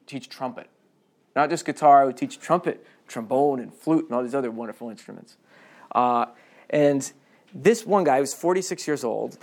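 A man preaching a conversational sermon, chatty and self-deprecating, with humorous asides. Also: medium pitch.

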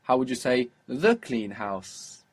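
A man's voice: mid-range voice, lively intonation, takes it slowly, husky. A man teaching a one-on-one lesson, explaining patiently and repeating words for the learner. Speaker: Arabic teacher.

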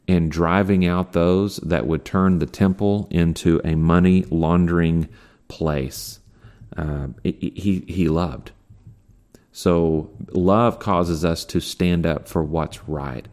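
A man preaching a sermon in a conversational way, full of fillers and restarts, slowing down when he reads scripture. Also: deep voice, darkish tone. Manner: slows down to read scripture. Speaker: pastor.

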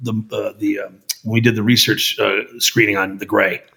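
Husky, swearing filmmaker man. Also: lowish voice, level tone, normal speed, sharp tone. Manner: profane, calls listener dude and brother. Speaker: filmmaker guest. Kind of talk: casual podcast chat.

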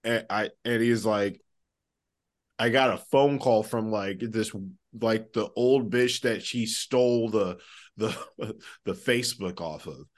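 A man with a lowish voice speaks slowly as a podcast co-host, telling stories in casual conversation. He's animated, laughs often, and swears heavily.

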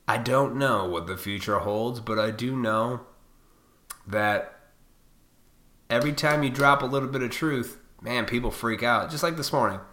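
A man's voice: medium pitch, normal speed, bright, forceful tone. Profane ranting man in an echoey room. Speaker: vlogger. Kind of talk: ranting monologue to camera.

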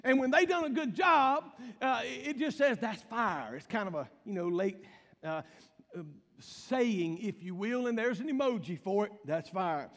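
A man's voice: very high voice, animated, moderate pace, a bit bright, big-room sound. A male pastor preaching a humorous sermon, telling folksy stories and calling out to the congregation. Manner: folksy storytelling with call-outs to the congregation.

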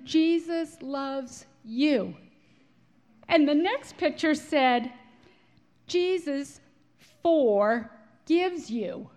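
A woman speaking to a Christian gathering, telling a prayer story in an animated, expressive way. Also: high-pitched. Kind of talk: storytelling talk to an audience.

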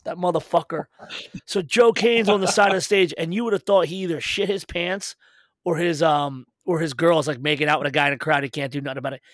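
A man hosting a casual podcast chat, swearing freely and telling animated stories. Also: fairly high pitch, fairly quick, no room sound. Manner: profane, animated storyteller. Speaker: host.

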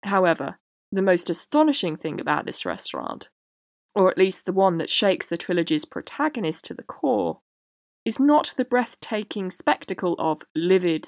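A woman hosting a podcast, reading a prepared essay in a measured way. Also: lowish voice, gravelly, no room sound, studio quality. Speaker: podcast host. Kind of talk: scripted essay narration.

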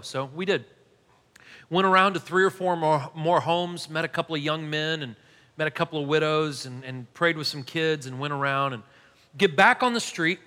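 Bright-voiced pastor in a reverberant church. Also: male voice, fairly high pitch, normal speed. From United States. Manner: animated, self-deprecating storyteller. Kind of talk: sermon with storytelling. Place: church hall. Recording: long hall reverb.

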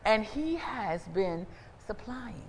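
A woman preacher giving a sermon with personal testimony, animated and conversational, calling out to the congregation. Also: medium pitch, slow, long reverb tail, slight background noise. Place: church sanctuary.

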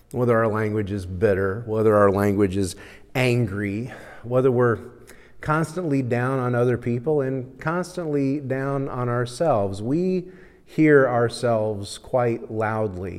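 A man's voice: lowish voice, darkish tone. A male pastor preaching a sermon in a conversational, storytelling way, chuckling now and then at his own humor, in a church sanctuary. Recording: reverberant hall sound.

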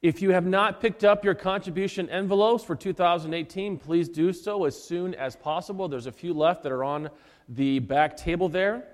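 A man with a slightly high voice reads the church announcements with folksy, good-humored asides before leading the prayer. His words carry a long reverb through the sanctuary. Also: moderate pace.

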